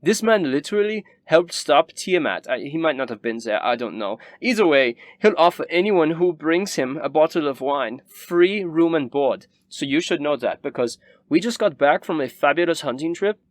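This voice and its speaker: Man putting on a shrill, giddy upper-class snob in a tabletop game. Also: animated, normal speed, few pauses, no echo, natural voice. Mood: gushing. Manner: high, gushing, giddy. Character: snobbish rich male noble, gushing and cruel.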